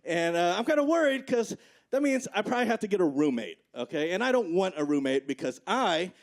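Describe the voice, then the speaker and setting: High-voiced man doing stand-up. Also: sing-song, fairly quick. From Midwest of the US. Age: 40s. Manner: conversational, peppered with "right?" and "okay?" tags. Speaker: stand-up comedian. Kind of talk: stand-up comedy set. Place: comedy club stage. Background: audience laughter.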